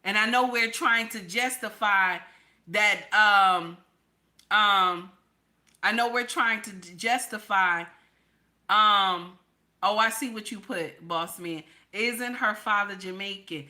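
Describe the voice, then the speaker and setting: Blunt, bright-voiced woman. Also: medium pitch, takes it slowly, poor audio. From New York / New Jersey area. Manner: blunt, emphatic, repeats lines for stress. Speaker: online commentator. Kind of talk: casual political commentary vlog.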